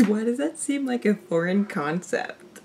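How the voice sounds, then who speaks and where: A woman's voice: medium pitch, animated, unhurried, vocal fry, a little mellow, a little hiss or hum. Chatty young woman reacting to a show. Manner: chatty, rambling, laughs often. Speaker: reaction video host. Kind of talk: casual reaction commentary.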